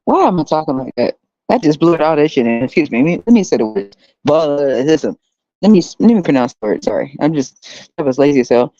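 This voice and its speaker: A woman's voice: deep voice, lively intonation, brisk, dark tone, no room sound, muffled recording. Blunt profane woman podcaster. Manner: blunt, profane, laughing, mocking voices. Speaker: podcast host. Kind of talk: casual solo commentary.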